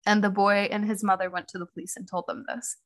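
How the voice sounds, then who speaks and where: A young woman talks through a true crime case in a loose, chatty way, her voice sitting at an ordinary middle pitch. She leans on "like" and "um" as she goes. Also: flat delivery, fast. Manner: chatty, heavy use of "like" and "um". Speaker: podcast co-host telling a true crime case. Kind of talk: casual chat.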